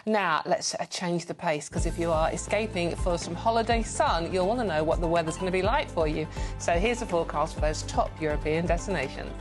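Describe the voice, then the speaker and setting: A woman hosting a TV talk show, brisk and teasing, often laughing with guests. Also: on the low side, loud music behind the voice. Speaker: host.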